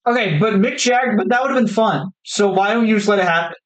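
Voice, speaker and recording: A man's voice: high-pitched, fast talker, slight background noise, low-quality recording. A young man co-hosting a casual film podcast, teasing and exasperated in banter. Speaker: podcast co-host. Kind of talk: casual film-review chat.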